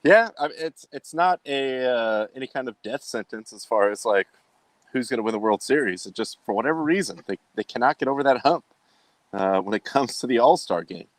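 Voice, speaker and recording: Guy hosting sports talk, rambles w lots of uhs, dry mic, middle pitch. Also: expressive, a little fast, dry recording. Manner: rambling, filler-heavy delivery. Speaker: sports talk show host. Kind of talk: casual sports chat.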